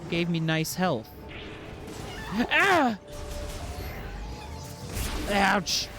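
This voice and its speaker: A man casually commentating his game playthrough, jokey and excitable, reading item scans aloud. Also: fairly high pitch, a little slow, over music. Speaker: game streamer. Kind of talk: casual let's-play commentary.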